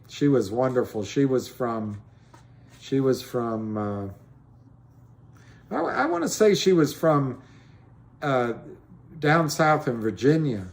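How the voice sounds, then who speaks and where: A middle-aged man hosting a live stream, rambling through stories and answers to callers with many restarts. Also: medium pitch. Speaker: livestream host answering callers.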